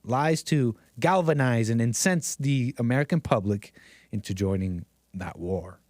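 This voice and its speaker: A man with a lowish, darkish voice live-streams a casual monologue, recorded without echo. He rambles, keeps laughing at himself in a self-deprecating way, and frequently restarts his sentences.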